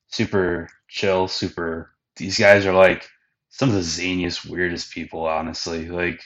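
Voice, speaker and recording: A man's voice: sits low, a bit bright, muffled recording. A man hosting a podcast, giving a loose, slangy recap of anime episodes with plenty of fillers and swearing. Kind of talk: casual recap chat.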